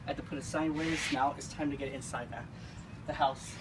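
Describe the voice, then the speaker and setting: Excited man vlogging at home, halting and emotional, in an echoey space with traffic noise. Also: mid-range voice. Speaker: vlogger unboxing a piano. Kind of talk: casual home video vlog. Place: at home by the front door. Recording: echoey, distant, noisy with passing traffic.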